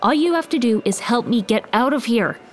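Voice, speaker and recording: An actress playing an earnest, exasperated young woman trapped in a magic bag, quick to protest. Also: fairly high pitch, lively intonation, close to an everyday voice.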